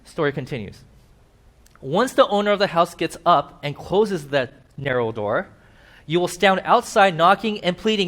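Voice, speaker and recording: A man preaching a sermon as pastor, explaining a parable with a slide diagram and acting out the characters in lively put-on voices. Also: normal speed. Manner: animated, acts out quoted characters with sudden pitch jumps. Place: church.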